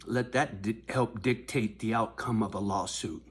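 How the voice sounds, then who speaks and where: Profane older man ranting to camera. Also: measured pace. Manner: confrontational, profane, swings from low muttering to raised shouting. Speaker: vlogger addressing his viewers. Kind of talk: angry direct-to-camera rant.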